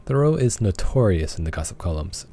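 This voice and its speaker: Low, mellow-voiced gaming man. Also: sing-song, a little fast, slight background noise. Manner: jokey, reads game dialogue aloud. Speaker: let's play host. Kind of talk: casual gameplay commentary.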